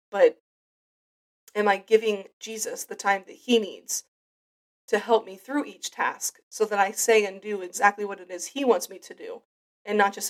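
A woman talks through her faith on her own podcast, earnest and reflective. Her voice sits at a middle pitch, and she often restarts her sentences as she thinks aloud. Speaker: podcast host. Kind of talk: personal faith podcast monologue.

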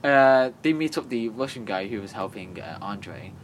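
A man co-hosting a podcast, chatting casually and retelling a plot in a halting, rambling way full of fillers and restarts. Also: fairly low pitch, lively intonation, heavy background noise. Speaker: podcast co-host. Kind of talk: casual chat.

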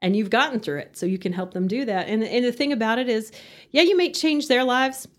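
A woman's voice: fairly high pitch, brisk. A middle-aged woman, a guest chatting casually in an interview, laughing often and acting out quotes. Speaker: podcast guest.

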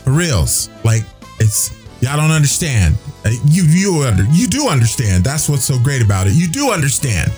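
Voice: medium pitch, big pitch swings, normal speed, darkish tone, faint music behind. A radio host chatting casually on air, emphatic and preachy, repeating phrases for effect.

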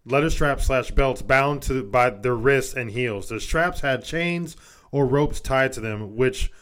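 A man's voice: medium pitch, measured pace, a bit bright. A man co-hosting a casual podcast, reading a list aloud, stumbling over words and swearing. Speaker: podcast co-host.

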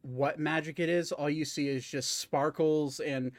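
A man's voice: a little high, fairly even intonation, a little slow, no room sound, clean studio sound. A man narrating a tabletop game as game master, hesitant with many fillers.

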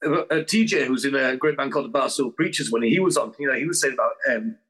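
Chill husky guy hosting a podcast, loose and slangy. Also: medium pitch, fast, fairly bright tone. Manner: laid-back, slangy, loose. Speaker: podcast host. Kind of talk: casual chat.

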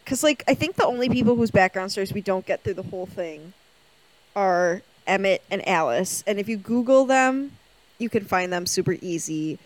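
A woman co-hosting a casual chat, sassy and animated as she tells stories. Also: mid-range voice, moderate pace, no echo, low-quality recording. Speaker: podcast co-host.

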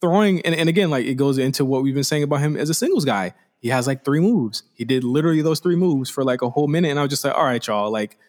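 A man co-hosting a casual wrestling podcast, talking in an animated way and repeating words as he starts sentences. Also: a little high, fast, hardly any pauses. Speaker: podcast co-host.

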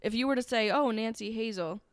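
Chatty woman with a smooth, clear voice. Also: a little high, fairly quick, dry recording. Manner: chatty, storytelling, friendly asides. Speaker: podcast co-host. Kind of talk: casual true crime podcast chat.

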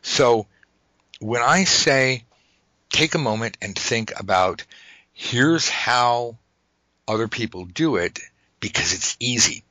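A man's voice: medium pitch, lively intonation, takes it slowly, long pauses, bright, forceful tone, dry recording, rough recording. A man hosting a casual podcast conversation, rambling and joking, often stopping to restart his thoughts. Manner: rambling, self-interrupting, jokey. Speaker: podcast host.

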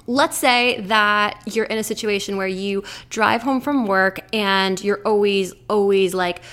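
A woman's voice: medium pitch, steady tone, fairly bright tone. Chatty woman coaching, lots of fillers. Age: adult with a daughter. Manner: chatty, filler-heavy, keeps asking "right?"; acts out a harsh inner voice in quick asides. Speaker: weight-loss coach. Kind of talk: casual coaching talk to camera.

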